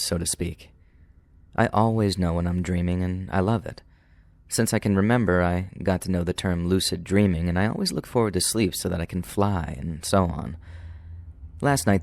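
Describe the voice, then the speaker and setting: A man narrating true paranormal stories in a calm, steady, scripted way. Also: deep voice. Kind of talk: scripted horror story narration.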